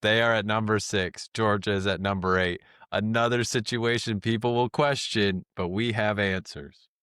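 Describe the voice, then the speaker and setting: A man with a lowish voice counts down football rankings in short, plain lines on a casual podcast. He keeps each announcement brief before passing the talk to his co-host. The recording is dry and close. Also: fairly even intonation, normal speed, a bit bright, smooth, dry recording. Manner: reads out rankings briefly, then hands over.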